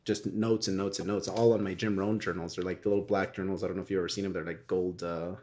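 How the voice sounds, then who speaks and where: Male guest, lowish voice, loose rambling storyteller, animated. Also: quick pace, background noise. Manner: rambling, animated storytelling with frequent tag questions. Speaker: podcast guest, real estate wholesaler. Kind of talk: casual interview chat.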